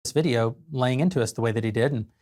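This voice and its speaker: A man addressing his audience in a played clip, measured and earnest. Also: mid-range voice, a little mellow. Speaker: company spokesman in a played clip.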